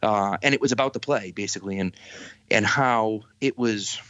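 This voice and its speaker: A man who is a guest on a casual podcast, telling stories in an animated, exasperated way. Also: fairly low pitch, normal speed, no echo. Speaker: podcast guest, football writer. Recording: dull dry lo-fi sound.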